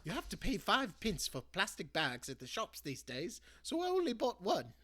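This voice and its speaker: A man doing a high whispery old granny. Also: wildly swooping pitch, moderate pace, pushed and bright, full character voice. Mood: whispering urgently. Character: excitable elderly grandmother, warm, cheeky. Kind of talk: storybook read-aloud.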